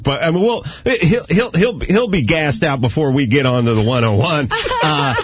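A man hosting a talk radio show, telling a long comic story in a rambling, animated way. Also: a little high, normal speed, hardly any pauses, crowd noise. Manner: animated, rambling, acts out quotes.

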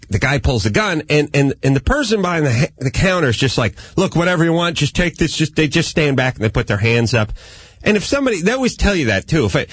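A man with a slightly husky, gritty voice rants through a casual comedic talk show in a studio. His pitch swings widely as he jumps into high, yelping impressions of the people he describes. The sound is close and dry. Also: no room sound. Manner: animated ranting, mimics people in high yelps.

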